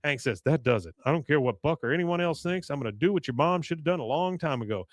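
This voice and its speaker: A man's voice: a little high, lively intonation, quick pace, no echo. A man co-hosting a podcast, casually retelling a cartoon episode and quoting its characters with frequent laughs. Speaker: podcast co-host.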